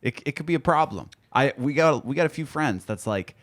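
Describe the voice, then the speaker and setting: A man's voice: mid-range voice, lively intonation, fairly quick, fairly bright tone. A man co-hosting a podcast, chatting in a loose, easygoing way with lots of fillers. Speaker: podcast co-host. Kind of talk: casual chat.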